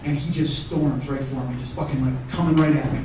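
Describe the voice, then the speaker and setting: A male comedian with a mid-range, fairly even voice tells stories quickly in a one-man show, swearing freely and trading banter with the theatre audience. It's captured from far off in an echoey hall, and the background is noisy.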